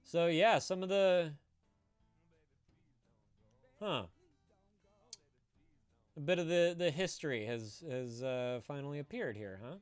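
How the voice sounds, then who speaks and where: A man's voice: on the high side, slow, pauses often, clear, resonant tone, no room sound, faint music behind. A man chatting casually on a live stream, rambling, laughing and swearing as he answers viewers.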